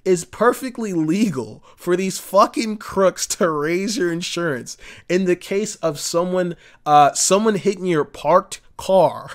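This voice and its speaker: A comedian ranting in an exasperated, profane, emphatic way. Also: male voice, sits high, takes it slowly. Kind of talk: comedic rant.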